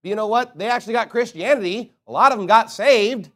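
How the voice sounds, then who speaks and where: A man's voice: high-pitched, fast. A man preaching a fiery, combative sermon, firing off rhetorical questions one after another. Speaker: pastor.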